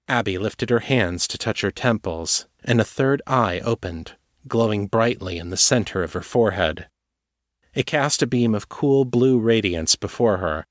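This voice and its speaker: A man giving measured, scripted narration of a story. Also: fairly low pitch, fairly bright tone, no echo, clean studio sound.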